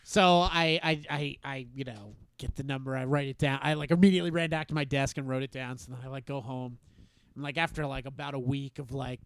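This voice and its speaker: A man telling a story in casual chat, halting and self-deprecating, laughing often. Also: medium pitch, steady tone, clean tone.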